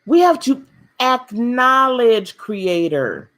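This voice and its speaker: A woman leads an inspirational spiritual talk on a live stream. Her delivery is gentle and preacherly. She repeats key phrases for emphasis and speaks warmly and directly to her viewers. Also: on the high side, big pitch swings, slow. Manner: speaks directly to viewers, calls them beloved.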